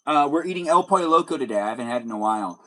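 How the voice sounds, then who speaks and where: A young man hosting a casual livestream with a middle-pitched voice. He rambles in a loose, jokey way and keeps tossing questions at his guests. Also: animated, racing, a bit bright, low-quality recording. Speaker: livestream host.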